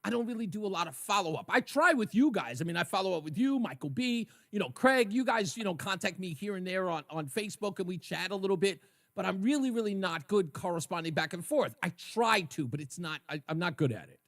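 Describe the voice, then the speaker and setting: Guy hosting call-in radio, high voice, laughs at his own jokes, dry studio sound. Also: animated, fast talker, fairly bright tone, no room sound. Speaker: radio talk show host. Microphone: studio microphone.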